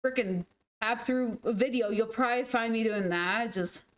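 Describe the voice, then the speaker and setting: This twenty-something game streamer has a slightly high voice and a moderate pace. She tells rambling, self-deprecating stories in casual chat, imitating people as she quotes them.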